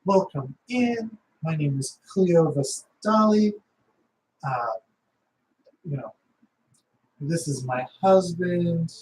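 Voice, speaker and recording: A man's voice: sits high, darkish tone, recorded from a distance, slight background noise, low-quality recording. Casting note: a man doing a genteel young Italian-accented lady, old-world hospitality, tabletop game. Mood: gracious. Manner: halting, heavy-ish Italian accent attempt.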